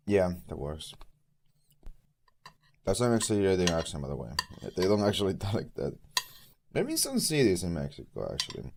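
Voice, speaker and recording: Rambling man, lively low voice. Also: moderate pace, long pauses. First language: Spanish. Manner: rambling, goes off on tangents, self-correcting. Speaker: streamer. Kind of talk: casual rambling chat. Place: at home, eating while streaming.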